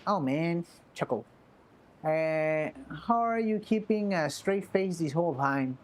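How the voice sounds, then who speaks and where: A blunt game brawler who mocks and ribs with quick, slangy impatience, as a woman streamer reads his lines. The delivery stays close to an everyday speaking voice, a touch low. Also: animated. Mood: mocking. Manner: sarcastic, impatient, casual slang. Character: blunt, mocking man, a brawler. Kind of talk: reading game dialogue aloud.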